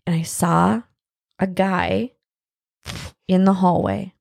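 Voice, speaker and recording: A woman telling a story in casual chat, animated and blunt, laughing often. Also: fairly low pitch, takes it slowly, vocal fry, dry recording, studio quality.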